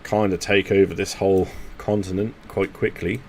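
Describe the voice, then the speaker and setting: Guy streaming a strategy game, low-ish voice, joking with his mates, bit of background hiss. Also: level tone, moderate pace, a little mellow. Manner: chatty, thinking aloud, jokey banter. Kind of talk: casual gaming commentary talking to teammates.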